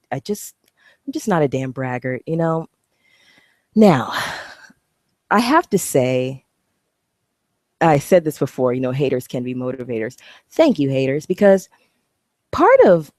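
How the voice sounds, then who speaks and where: A woman's voice: sits low, mellow, dry recording, clean studio sound. A woman vlogging to camera, talking bluntly and animatedly, swearing freely. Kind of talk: casual talking-head vlog.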